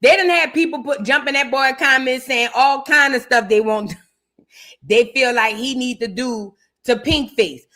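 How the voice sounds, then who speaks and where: A woman's voice: sits high, fairly bright tone. A woman hosting a reaction show, giving blunt, gossipy commentary on a clip. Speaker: host.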